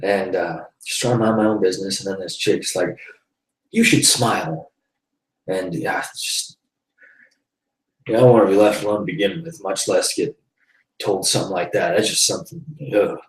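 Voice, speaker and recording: A man's voice: low-pitched, fairly even intonation, brisk, far from the mic. Rambling man, roomy and off-mic. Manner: rambling storytelling with frequent sighs and laughs. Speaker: host of a live web broadcast. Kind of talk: casual faith-based monologue.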